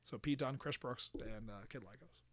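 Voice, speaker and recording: A man casually telling a story on a podcast, animated and swearing, acting out quotes. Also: mid-range voice, moderate pace, no room sound.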